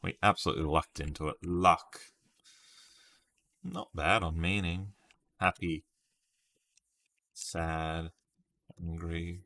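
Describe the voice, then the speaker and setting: A man's voice: deep voice, slow pace, pauses often, bright, forceful tone. A man casually live-streaming a word puzzle, thinking aloud over his guesses and chatting with viewers by name. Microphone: webcam stream setup.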